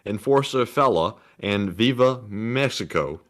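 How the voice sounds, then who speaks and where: A man's voice: lowish voice, lively intonation, moderate pace, fairly bright tone. A man co-hosting a casual livestream, reading supporter messages aloud in a laid-back way. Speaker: co-host reading donations.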